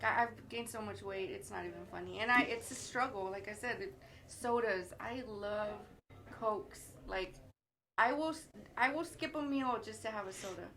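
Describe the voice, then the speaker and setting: A woman singer guesting on a podcast, talking in a relaxed, agreeable way and laughing easily. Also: mid-range voice, moderate pace, low-quality recording. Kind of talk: casual chat.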